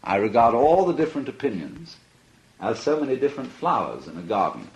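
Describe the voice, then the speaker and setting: A man's voice: mid-range voice, sing-song, brisk, rough recording. An older man giving a conversational philosophical lecture, amused and often breaking into laughter.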